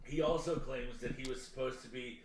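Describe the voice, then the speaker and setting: A man's voice: mid-range voice, fairly even intonation, fairly quick, a crowd in the background. Profane ranting man in an echoey room. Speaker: podcast co-host. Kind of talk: casual chat.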